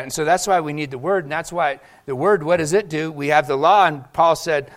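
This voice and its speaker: A man preaching a sermon to his congregation, animated, asking rhetorical questions and acting out quotes. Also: fairly high pitch, fairly quick, few pauses. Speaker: pastor.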